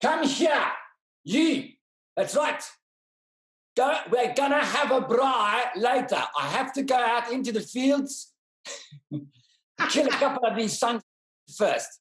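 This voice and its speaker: A man voicing a loud, boisterous male South African mercenary with a South African accent. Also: very high voice, expressive, takes it slowly, pauses often, reverberant, voice pushed up, full character voice.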